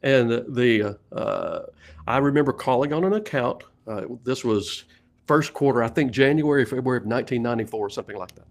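A man's voice: mid-range voice, lively intonation, a little fast. A middle-aged man with a Southern US accent, a sales coach telling stories in a casual interview, laughing often. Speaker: sales leadership coach and guest.

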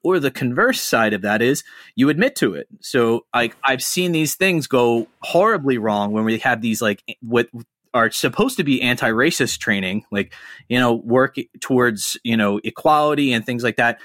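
A man's voice: mid-range voice, expressive, moderate pace, fairly bright tone, no echo, studio quality. A man hosting a podcast in casual chat, rambling, swearing freely and breaking into impressions. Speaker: podcast host.

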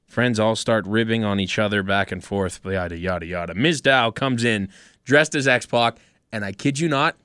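Low-voiced man recapping in casual chat. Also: normal speed, smooth, no echo, studio quality. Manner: recaps events in a plain, steady run-down. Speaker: podcast co-host.

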